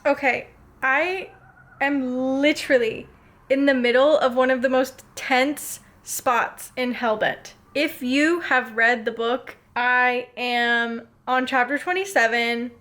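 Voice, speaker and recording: A young adult woman chatting casually in a book vlog, excitable and gushing, swearing freely as she talks. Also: high-pitched, takes it slowly. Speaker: book vlogger.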